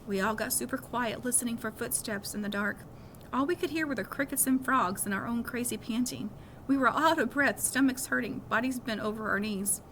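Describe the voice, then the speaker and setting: A woman reading a children's novel aloud with lively storytelling. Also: a little high, fairly quick, a little hiss or hum. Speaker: reader of a novel.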